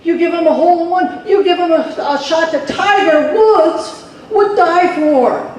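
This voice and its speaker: A man voicing a bewildered male angel who complains quickly and with exasperation. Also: very high-pitched, a little hiss or hum, pitched above the performer's own voice. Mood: indignant. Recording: echoey hall from far off.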